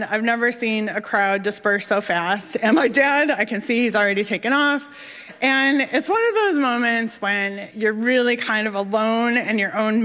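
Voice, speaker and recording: A woman with a slightly high voice spins a personal story to a live room, animated and laughing at her own mishaps. Her voice trails off into the long reverb of a big hall. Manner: animated, self-mocking, laughing through lines.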